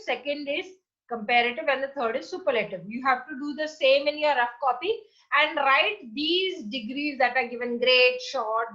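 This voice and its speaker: A woman with a high, bright voice and an Indian English accent teaches a class of children over a recorded lesson. She goes slowly and patiently, repeating each example and spelling out the letters. The sound is a little muffled and lo-fi, as from a laptop mic. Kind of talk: recorded online grammar lesson. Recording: slightly muffled lo-fi audio.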